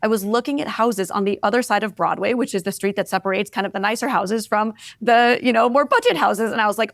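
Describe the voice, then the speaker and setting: A woman in her forties, an interview guest, telling candid personal stories in an expressive, reflective way, often adding "like" and "right?". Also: a little high, a little fast, hardly any pauses, no room sound, clean studio sound. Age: 40s. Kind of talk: candid conversational storytelling.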